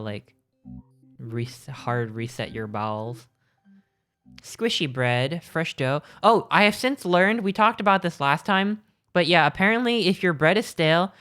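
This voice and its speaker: A man's voice: mid-range voice, a bit bright. A man streaming, chatting casually with his live chat in a rambling, joking way, often stopping mid-sentence to restart. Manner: rambling, jokey, self-interrupting.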